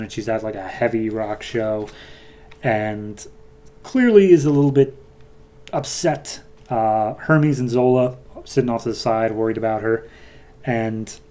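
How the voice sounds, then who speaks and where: A man hosting a podcast, casually retelling a comic's plot with many fillers and quick quoted lines. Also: mid-range voice, dark tone. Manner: loose, filler-heavy retelling, voicing characters lightly. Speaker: podcast host.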